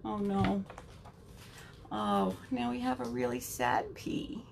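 A woman children's librarian reading a picture book aloud at home for a virtual storytime, with an animated, sing-song way of talking to kids. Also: on the high side, slow, vocal fry, long pauses, slight background noise.

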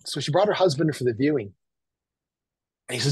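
An older man spins a long story in a husky, slightly breathy voice. He talks casually and acts out the other people's lines as he goes. The sound is dry and close. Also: on the high side, fast, pauses often, no echo, poor audio. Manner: animated anecdotal, acts out quotes. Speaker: photographer guest.

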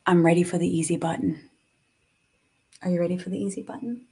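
A woman's voice: on the low side, fairly even intonation, a little fast, creaky, a little mellow, breathy edge. A woman guiding a live tapping and breathing session, speaking soothingly and coaxingly, with sighs and moments of emotion.

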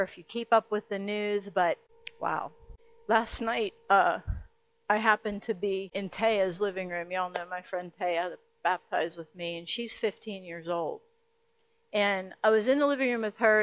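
A middle-aged woman pastor preaching a sermon to a live congregation. She tells her story earnestly and with emotion, and grows louder and more urgent as she goes on. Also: medium pitch. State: hiccups.

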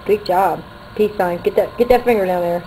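A woman's voice: mid-range voice, a little fast, dark tone, slight background noise, poor audio. A woman filming home video, talking playfully and coaxing someone in her care. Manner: playful, coaxing sing-song toward a patient. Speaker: family caregiver. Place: clinic and bedroom. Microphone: handheld camcorder.

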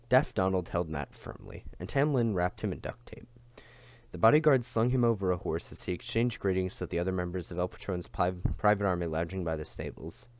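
A man reading a novel aloud in a steady, unhurried way, on a dull lo-fi recording. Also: deep voice, slight background noise. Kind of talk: audiobook reading.

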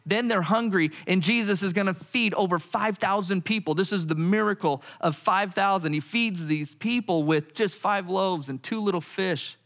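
A man preaching with a fairly high voice. He tells the story with animated energy and lifts his pitch when he quotes other people. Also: normal speed, few pauses. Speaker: pastor. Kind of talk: sermon.

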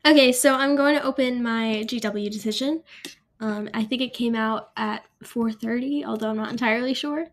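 A woman's voice: on the high side, normal speed. A young woman in her late teens vlogging in a casual, chatty way, filling her talk with ums as she walks through each step. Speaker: vlogger opening college decisions. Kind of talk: casual chat to camera.

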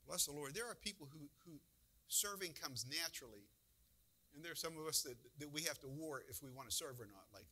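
A male pastor preaches in a church, talking to the congregation in a conversational way and asking many rhetorical questions. His voice sits a little high and sounds bright and forceful. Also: animated, brisk. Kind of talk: sermon.

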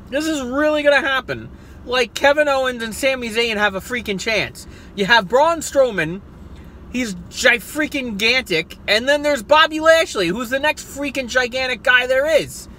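Speak as a profane, excitable South Jersey guy. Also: extremely high pitch, slight background noise. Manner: profane, excitable, jokey rants. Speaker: wrestling vlogger. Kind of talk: casual ranting commentary. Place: parked car.

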